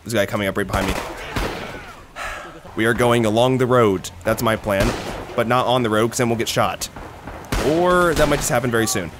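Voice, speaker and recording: A young man doing casual, excitable gameplay commentary, rambling, swearing and laughing between remarks. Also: mid-range voice, a little fast, long pauses. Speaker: gaming commentator. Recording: noisy with game gunfire behind. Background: gunfire and artillery from the game.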